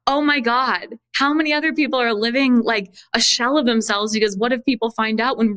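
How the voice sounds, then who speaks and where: Animated young woman telling her story. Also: a little high, no echo. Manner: animated storytelling, acting out quoted dialogue, frequent "like" and swearing. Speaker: podcast host and coach. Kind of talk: candid podcast conversation.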